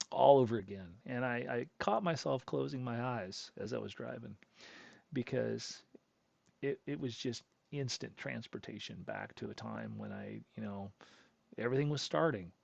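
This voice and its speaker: A man in his late forties with a gravelly edge tells a long, rambling story to his viewers in a relaxed, chatty way. The sound is dry and close, with a dull, lo-fi tone. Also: medium pitch, no room sound. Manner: rambling, conversational, self-correcting. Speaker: channel host.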